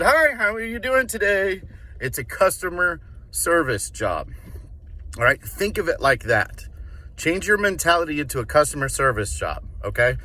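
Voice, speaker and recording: Man training door-to-door reps: punchy, bright, swears a bit, keeps asking "all right?". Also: on the high side. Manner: emphatic, checks in with "okay?" and "all right?"; casual, swears now and then. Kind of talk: instructional talk.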